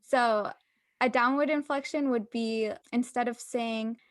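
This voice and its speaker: A young woman co-hosts a chatty podcast, talking in an upbeat, explanatory way with an easy laugh. Her voice sits fairly high, and the recording is close and dry. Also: fairly even intonation, unhurried, no echo. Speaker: podcast co-host. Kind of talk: casual chat.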